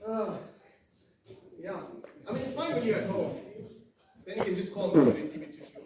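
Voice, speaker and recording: A young South African stand-up in his 20s, on his first set, talks to the crowd in a chatty, loose way in a live comedy room. His high-pitched voice has lively intonation and a slightly fast pace broken by long pauses. The recording is echoey with a noisy background and the mic a bit far.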